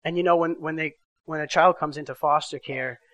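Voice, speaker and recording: A middle-aged man preaching a sermon, telling a personal story with animated swings from loud to hushed. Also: fairly high pitch, brisk, no room sound. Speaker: pastor.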